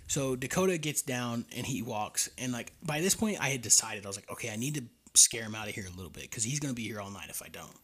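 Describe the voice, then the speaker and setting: Husky, lively young man telling stories. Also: mid-range voice, fast talker, few pauses. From Oklahoma. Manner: storytelling, laughs often, drawling. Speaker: podcast co-host. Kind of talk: casual chat.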